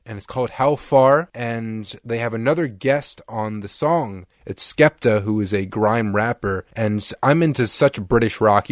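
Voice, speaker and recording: A man co-hosting a casual podcast, rambling and joking about music news with quick asides. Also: on the low side, no room sound, clean studio sound. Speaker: podcast co-host. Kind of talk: casual chat.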